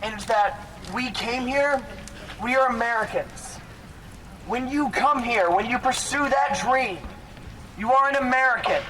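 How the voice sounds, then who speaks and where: Very high-voiced man, distant from the mic, rally speech over a loud crowd. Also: a little slow, a little hiss or hum. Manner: starts hesitant, builds to shouting. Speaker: rally speaker. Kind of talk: impassioned protest speech. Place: outdoor protest rally.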